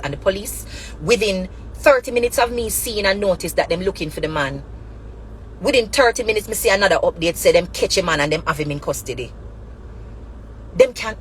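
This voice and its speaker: A woman's voice: mid-range voice, slight background noise, low-quality recording. A woman with a Jamaican accent giving impassioned spoken commentary as a channel host, emphatic and repetitive, mixing Patois and English.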